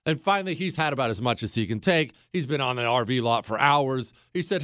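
A man's voice: medium pitch, fairly quick, hardly any pauses, no echo, clean studio sound. A man hosting a podcast, telling a long story in a casual, joking way and talking straight to his listeners. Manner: animated, jokey, addresses listeners directly. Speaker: podcast host.

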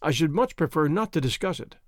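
A man's voice: on the high side, animated, a little fast, no echo, clean studio sound. A man playing a stiff Victorian country doctor. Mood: stiff, formal. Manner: formal, stiff, pedantic. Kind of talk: audiobook character voice.

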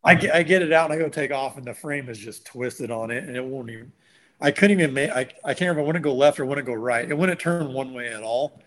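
A man telling a long story in casual conversation, animated and acting out what others said. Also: mid-range voice, fast, a little hiss or hum. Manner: animated, acts out quotes of others. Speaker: guest.

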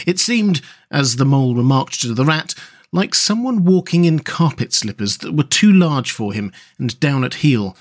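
A man hosting a story podcast and narrating a classic children's novel in a measured, gentle read-aloud manner. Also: medium pitch. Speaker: host and storyteller.

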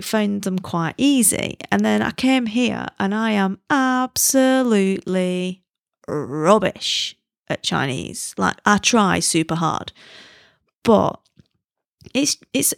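Woman, British accent, casual podcast chat, self-deprecating, gravelly voice, dry close recording. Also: mid-range voice, dry recording. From Britain. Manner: chatty and self-deprecating, laughs at herself. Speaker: podcast host.

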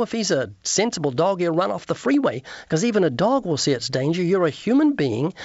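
A man with a raised, gravelly voice preaches earnestly as a guest on a radio interview, quoting scripture and acting out conversations with strangers. The sound is dry and dull, a lo-fi broadcast with no room echo. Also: fairly high pitch. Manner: preachy, quotes scripture and acts out street conversations. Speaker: evangelist guest.

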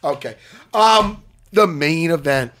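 A man hosting a casual fight-pick chat, swinging between mumbles and loud outbursts. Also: fairly high pitch, animated, takes it slowly. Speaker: podcast host.

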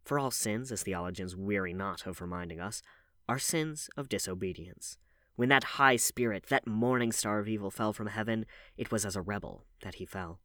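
A male audiobook reader with a low-pitched voice and a measured, even delivery. The sound is dry and close, with no room around it. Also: dry recording. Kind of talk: scripted audiobook narration.

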